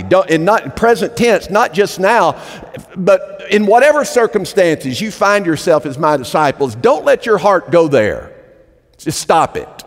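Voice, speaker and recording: A male pastor preaching a sermon in a church, emphatic and animated, often repeating phrases as he presses a point. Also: high voice, unhurried. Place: church sanctuary. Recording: long hall reverb.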